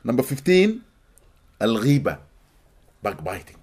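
A man from Sudan, giving an animated, expressive religious lecture to a live audience in a hall and often laughing. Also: mid-range voice, moderate pace, breathy edge. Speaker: Islamic teacher.

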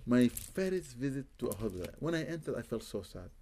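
A man's voice: mid-range voice, big pitch swings, brisk, mellow. A man, a Muslim spiritual healer, telling a story in an interview, with Arabic religious phrases and repeated words for emphasis.

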